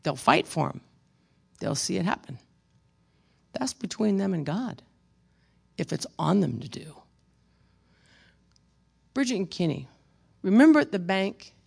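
Pastor, sermon delivery, heavy vocal fry, punchy then hushed, talks right to the pews. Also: mid-range voice, big pitch swings, unhurried, long pauses. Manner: emphatic preaching, swinging between loud exhortation and quiet storytelling; addresses congregation members by name, with wry asides.

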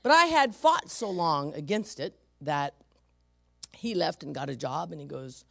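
A middle-aged woman preacher from San Francisco delivers her sermon through personal stories, her voice a touch low and gravelly. She lets her pitch rise and fall widely and punches the voices of the people she quotes. The sound is close and dry, with no room around it. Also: animated, measured pace, dry recording. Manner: storytelling, acts out quoted voices, emphatic.

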